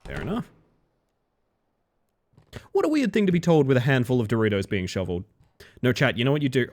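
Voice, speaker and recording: A man's voice: mid-range voice, big pitch swings, normal speed, pauses often. A young man streaming a game, chatting playfully and joking directly with his viewers. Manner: playful, joking, talks straight to chat. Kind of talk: casual live-stream chat while gaming.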